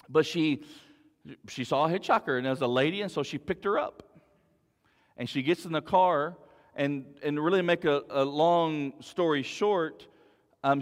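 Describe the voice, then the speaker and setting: A man's voice: a little high, in a large hall. A man preaching a sermon as pastor, earnest and storytelling, repeating words as he builds his point.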